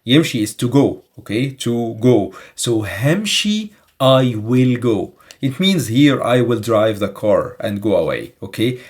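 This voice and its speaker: A man whose first language is Egyptian Arabic, teaching phrases from a film scene and repeating them slowly and carefully. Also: medium pitch, very animated. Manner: slow careful repetition.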